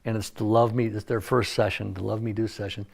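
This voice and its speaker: An older man, a music producer, telling animated anecdotes in a casual interview and acting out the lines of the people he quotes. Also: fairly low pitch, a little fast, creaky. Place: recording studio.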